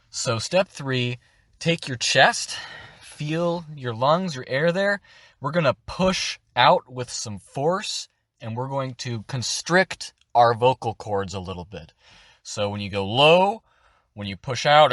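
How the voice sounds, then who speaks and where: A young adult man explaining voice acting in a relaxed, instructive tutorial. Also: medium pitch, measured pace, no echo, studio quality. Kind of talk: casual tutorial.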